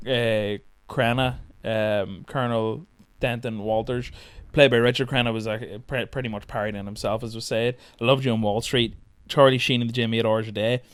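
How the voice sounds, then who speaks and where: Male podcast host, casual, quick to laugh, swears freely, dry close sound. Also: medium pitch, clean tone, dry recording. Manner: laughs often, swears casually, retells scenes animatedly.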